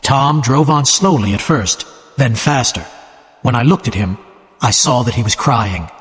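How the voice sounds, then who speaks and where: Expressive male storyteller with long echo. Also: mid-range voice, measured pace. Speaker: narrator. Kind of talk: scripted story narration.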